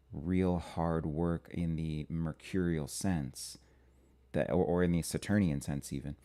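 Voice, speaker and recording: A man from Minnesota hosting a live-stream commentary show, talking in a halting way with frequent restarts and fillers. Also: a bass voice, warm tone. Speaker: astrology channel host.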